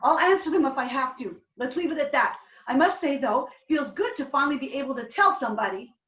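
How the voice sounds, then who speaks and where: A woman reading as a calm small-town woman confessing a murder. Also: high-pitched, a little fast, voice pushed up. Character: older small-town woman confessing a long-hidden killing. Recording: distant roomy dull live recording.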